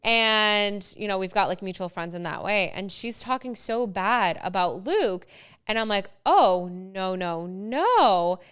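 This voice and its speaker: A young woman co-hosting a podcast, telling a story in a casual, animated way, acting out quotes and saying "like" a lot. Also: medium pitch, normal speed, clear, resonant tone. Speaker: podcast co-host. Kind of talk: casual chat.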